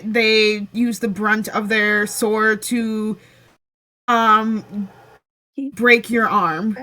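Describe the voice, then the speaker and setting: A woman's voice: mid-range voice, level tone, drawn-out words, pushed and bright, rough recording. A woman running a tabletop game as game master, giggly and full of ums.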